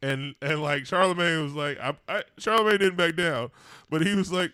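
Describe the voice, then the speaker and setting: A man's voice: a little high, normal speed, bright, forceful tone, clean tone, no echo, studio quality. A man co-hosting a casual chat show, talking loosely with lots of slang and frequent laughter. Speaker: podcast co-host.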